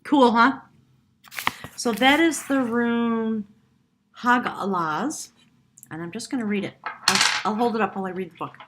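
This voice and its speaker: A woman giving a casual live tarot reading, excitable and quick to laugh and exclaim, sometimes reading slowly aloud from a book. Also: a little high, background noise. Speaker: tarot reader.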